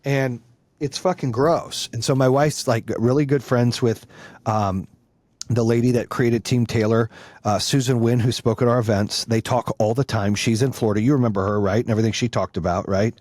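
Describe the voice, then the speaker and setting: A man's voice: mid-range voice, fairly even intonation, normal speed, darkish tone, dry recording. A middle-aged man talking as a podcast guest in casual conversation, blunt and heated, swearing freely and repeating his points for force.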